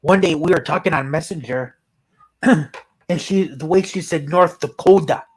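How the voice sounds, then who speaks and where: A man co-hosting a casual livestream chat, telling anecdotes in an animated way. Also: a little high, a little slow, husky, low-quality recording. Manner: animated storyteller.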